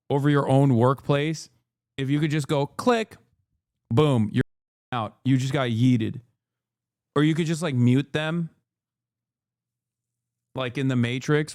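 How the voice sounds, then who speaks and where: A man's voice: mid-range voice, a little mellow, clean tone, no room sound, clean studio sound. A man in his thirties hosting a live-stream reaction, ranting sarcastically and reading chat messages aloud. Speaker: streamer host.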